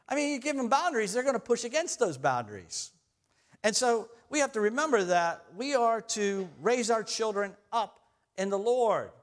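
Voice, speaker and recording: High-voiced pastor preaching casually. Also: male voice. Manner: conversational, self-deprecating, laughs often. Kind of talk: sermon.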